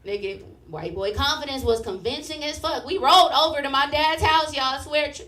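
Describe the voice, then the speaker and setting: A young woman performing a stand-up set, telling a story with animated, profane delivery and acted-out voices. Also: sits high, a little fast, roomy sound, far from the mic, a little hiss or hum. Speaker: stand-up comedian. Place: comedy club stage with live audience.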